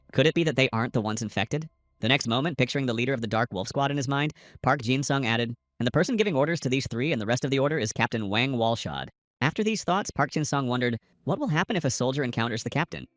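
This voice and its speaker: A man's voice: medium pitch, expressive, fast, a bit bright, no echo, clean studio sound. A man narrating a comic-book recap in a scripted storytelling style, reading every character's lines himself with slightly uneven stresses. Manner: reads all characters' lines in a lightly varied narrator voice.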